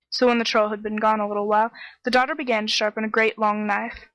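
A woman narrating a fairy tale in a steady, measured storytelling voice. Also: medium pitch, no echo, poor audio. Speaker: audiobook narrator.

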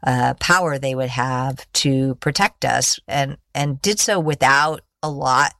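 Gravelly middle-aged woman explaining. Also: a bass voice, slow, a bit bright, no room sound, studio quality. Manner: explanatory, with frequent fillers and restarts. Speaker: guest, executive director of a digital rights group. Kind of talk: interview storytelling.

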